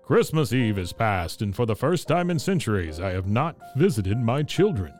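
A man voicing a kindly, gentle old Santa Claus in a storybook reading, speaking slowly and heartily. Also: mid-range voice, big pitch swings, soft background music, lightly acted. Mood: cheerful.

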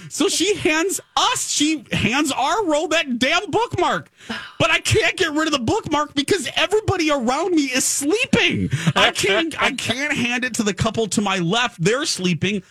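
Brief: male radio host, animated, exasperated storyteller, dry studio sound. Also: very high-pitched, normal speed, no room sound. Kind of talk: comic storytelling on a radio talk show.

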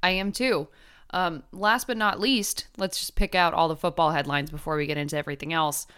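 A woman co-hosting a sports podcast, chatting casually and reading headlines with animated emphasis. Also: deep voice, a little fast, clear, resonant tone. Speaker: podcast co-host.

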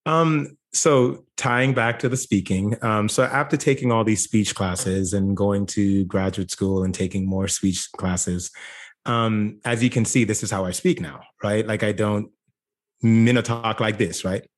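A man born in Jamaica speaks as a guest on an interview podcast, his voice sitting fairly low. He talks in a relaxed, reflective way and often pauses on "like" and "you know.". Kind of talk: casual interview conversation.

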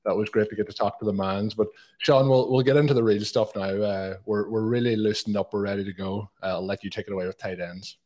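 A man's voice: lowish voice, steady tone, fast talker, a little mellow. A man from Ireland hosting a podcast in casual chat, upbeat, with frequent fillers and restarts. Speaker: podcast host.

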